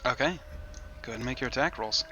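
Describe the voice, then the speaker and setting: A man narrating as game master of a tabletop game, easygoing and casual, with many pauses. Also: medium pitch, dull audio, crowd noise. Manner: easygoing, casual, says "uh" often.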